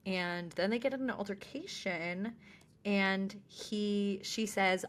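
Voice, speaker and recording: An animated woman co-hosting a podcast, chatting casually as she recaps a show. She jumps into quick acted-out quotes, sounding like she's having fun. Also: medium pitch. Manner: animated, quotes characters in snappy voices. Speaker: podcast co-host.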